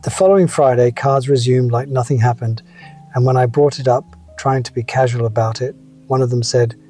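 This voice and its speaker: Mellow-voiced man in his seventies. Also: mid-range voice, fairly even intonation, faint music behind. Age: 70s. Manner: reflective, wry, unhurried personal anecdotes. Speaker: motivational speaker. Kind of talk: scripted motivational storytelling.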